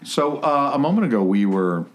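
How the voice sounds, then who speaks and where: Loud, profane male podcast host. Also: medium pitch, big pitch swings, normal speed. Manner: loud, profane, laughing often. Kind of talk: crude comedic banter.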